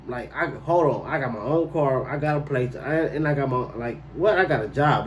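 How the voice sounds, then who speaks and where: A man's voice: mid-range voice, normal speed, distant mic, lo-fi sound, a little hiss or hum. Slangy man telling a storytime. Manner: animated, slangy, incredulous outbursts. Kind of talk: casual storytime monologue.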